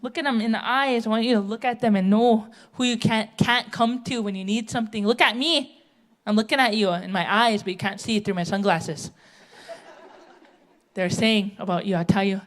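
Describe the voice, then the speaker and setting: A woman's voice: medium pitch, moderate pace. Brash, blunt woman doing stand-up. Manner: blunt, brash, tell-it-how-it-is. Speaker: stand-up comedian. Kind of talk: stand-up comedy set. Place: theatre stage, live audience.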